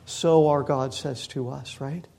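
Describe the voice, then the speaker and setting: A pastor preaching a sermon, stressing key words with slow, emphatic repetition and rising force. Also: male voice, medium pitch, steady tone, creaky, a little mellow.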